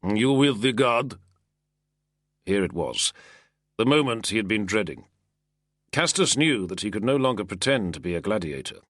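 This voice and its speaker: Reading a novel aloud in scripted audiobook narration, a man with a lowish voice delivers the text in a measured, expressive way. The sound is studio quality with no room sound.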